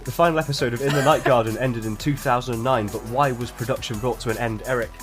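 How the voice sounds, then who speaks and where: A man's voice: medium pitch, steady tone, fast, over loud music. A man with a Welsh accent hosting a comedy podcast quiz, with dry, teasing banter. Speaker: quiz host.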